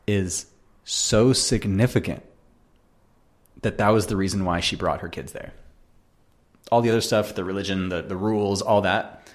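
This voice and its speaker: A man with a low, deep voice tells his own story as a podcast host. He talks in an earnest, animated way and circles back over the same phrases as he builds each point. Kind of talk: personal storytelling monologue.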